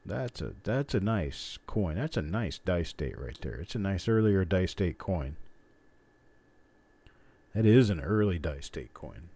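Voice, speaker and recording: Host type, middle-aged man, low and animated, chatty, rambling, quick to chuckle. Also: no echo. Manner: rambling, joking, chuckles often. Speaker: host of coin roll hunting livestream. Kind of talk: casual live-stream chat.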